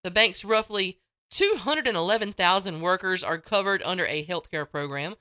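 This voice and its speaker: A woman's voice: fairly low pitch, moderate pace, sharp tone, no echo. A woman hosting a morning radio show, chatting casually and playfully into a studio microphone. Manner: chatty, playful, folksy, with frequent laughs.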